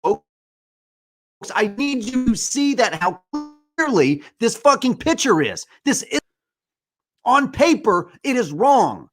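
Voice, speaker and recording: Angry high-voiced man ranting. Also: very animated, slow, pauses often, fairly bright tone, soft background music. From United States. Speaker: podcast host. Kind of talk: impassioned monologue.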